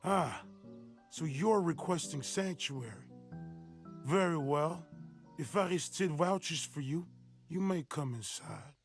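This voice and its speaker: A man's voice: on the high side, expressive, slow pace, long pauses, soft background music. A man voicing a suspicious, frightened recluse who speaks curtly from behind his door. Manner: curt and suspicious.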